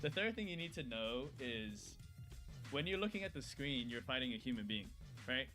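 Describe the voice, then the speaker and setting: A man walks viewers through fighting game basics in a measured, explanatory tone. He keeps checking in with the listener, and his voice has an ordinary middle pitch. Music plays clearly underneath. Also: very animated. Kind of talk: tutorial explanation. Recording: voice over background music.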